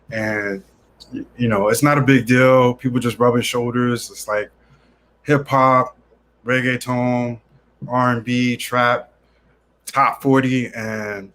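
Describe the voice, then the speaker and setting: A man, a guest in a casual interview, telling lively, slang-filled stories about how he started traveling. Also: medium pitch. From New York City.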